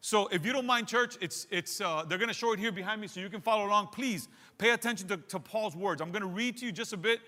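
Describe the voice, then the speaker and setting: High, bright-voiced man preaching a sermon. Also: quick pace, hardly any pauses, big-room sound. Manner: emphatic, repeats phrases, addresses the congregation directly. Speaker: pastor. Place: church sanctuary.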